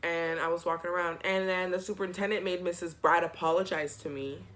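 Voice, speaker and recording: Young dude vlogging a storytime, bright tense voice, chatty and dramatic. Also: male voice, high voice, steady tone, a little fast. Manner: chatty, slangy, dramatic retelling. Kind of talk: casual storytime.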